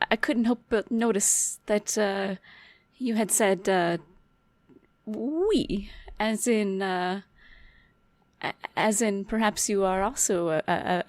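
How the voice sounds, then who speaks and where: A woman's voice: medium pitch, no echo, natural voice. A woman playing a polite, eager female artificer who sells trinkets, speaking formally and stumbling a little, in a tabletop game.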